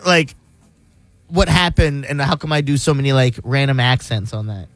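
A man's voice: mid-range voice, lively intonation, normal speed, a bit bright, no room sound. A man hosting a radio show, telling a story in casual banter and laughing often.

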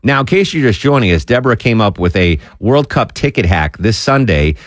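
Animated jokey male radio host. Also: lowish voice, fairly quick, dry recording, clean studio sound. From New York. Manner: animated, jokey, mimics voices. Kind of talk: casual radio banter.

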